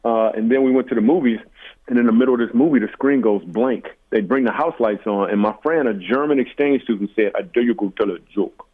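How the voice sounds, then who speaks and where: A comedian from Michigan telling stories in a casual interview, animated and self-deprecating. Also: male voice, mid-range voice, fairly quick. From Michigan, USA. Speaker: comedian guest. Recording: tinny phone-like line.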